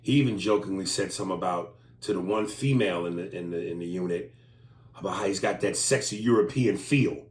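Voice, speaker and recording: A man's voice: deep voice, brisk, darkish tone, roomy sound. A man co-hosting a podcast in casual chat, crude and joking, often acting out lines. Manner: crude, joking, acts out lines in silly voices. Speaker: podcast co-host.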